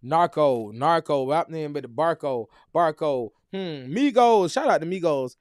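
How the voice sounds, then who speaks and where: A man's voice: a little high, lively intonation, a little slow, smooth, no room sound, studio quality. A man hosting a casual chat show, joking and teasing his co-host. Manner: playful, teasing banter.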